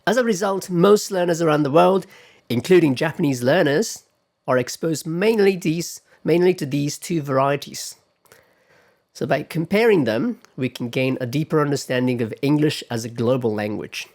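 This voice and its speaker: Man lecturing, pausing on okay. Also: on the high side, a little mellow. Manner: measured, often pausing with "okay" and "all right"; models sample words aloud. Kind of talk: classroom lecture on pronunciation.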